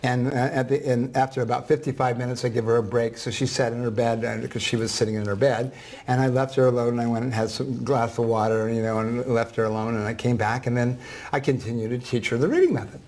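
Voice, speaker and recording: A man's voice: medium pitch, fast. A man, a reading teacher on a talk show, telling an emotional story and acting out the dialogue. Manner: animated storyteller, acts out dialogue; emotional, soft-hearted.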